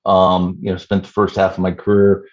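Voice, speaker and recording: A man in his fifties, a startup CEO answering interview questions in a measured way with many "you know" fillers. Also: low voice, completely flat delivery, a little mellow, lo-fi sound. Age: 50s.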